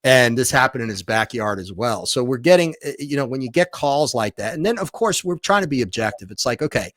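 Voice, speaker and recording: A male documentary maker and author, speaking as a podcast guest, retells a story with energy, repeatedly backing up and saying things again. His mid-range voice runs fairly quick, in studio-quality audio with no echo.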